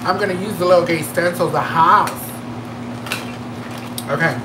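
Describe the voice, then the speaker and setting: A woman beauty vlogger chatting through a makeup unboxing, campy and excitable, gasping, squealing and tossing in slangy asides at home. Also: fairly low pitch, measured pace, noisy background. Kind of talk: casual makeup unboxing chat.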